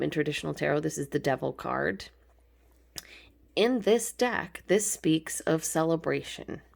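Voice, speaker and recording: Low, gravelly woman tarot reader; relaxed, chatty, affectionate delivery. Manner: chatty, informal, frequent ums, affectionate terms. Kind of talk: casual pick-a-card tarot reading.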